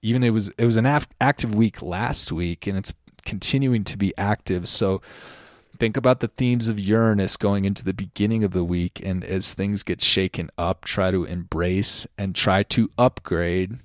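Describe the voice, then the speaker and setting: A man's voice: fairly low pitch, normal speed, no echo, studio quality. A man hosting a podcast, giving a casual astrology forecast in a loose, chatty way with many ums, and a little out of breath. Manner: loose and chatty, with frequent ums and self-corrections. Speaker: podcast host.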